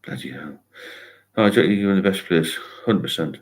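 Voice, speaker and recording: In a casual live chat, an older man hosting a sobriety stream reads viewer comments aloud and answers them encouragingly, rambling along. His voice sits low and he speaks at a normal speed.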